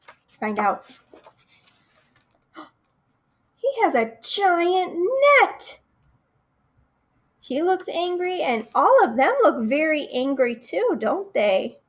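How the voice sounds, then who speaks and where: High, slow woman reading storytime. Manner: expressive, talks straight to the kids, asks them questions. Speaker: children's librarian. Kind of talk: children's storytime read-aloud.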